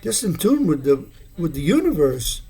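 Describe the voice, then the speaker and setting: A man's voice: fairly high pitch, sing-song, normal speed, dark tone, husky. A man in his sixties rambling through a loose, free-associating monologue at home, often chuckling between thoughts. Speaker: video blogger. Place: his home, living room.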